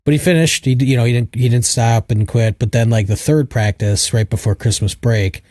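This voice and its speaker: Thirties male co-host, warm low register, loose chatty storyteller full of "like"s, dry recording. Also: fairly even intonation, fairly quick, no echo. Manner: rambling, filler-heavy with lots of "like". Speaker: podcast co-host. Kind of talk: casual storytelling chat.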